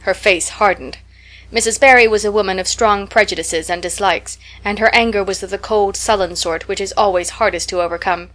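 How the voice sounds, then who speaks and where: A woman reading a classic novel aloud as an audiobook narrator, measured and expressive. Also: mid-range voice. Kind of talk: scripted narration.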